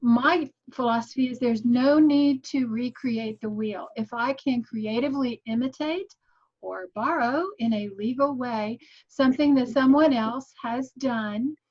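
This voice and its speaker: A woman's voice: a little high, dull audio. A woman guest giving an online tutorial in an earnest, encouraging teaching manner. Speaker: guest teaching graphic design.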